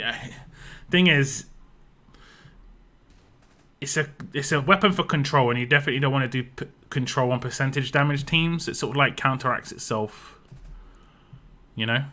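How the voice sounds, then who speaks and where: Chatty British man, bright voice. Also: medium pitch. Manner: rambling, answers chat questions, frequent fillers and restarts. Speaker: game streamer. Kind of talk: casual live-stream commentary.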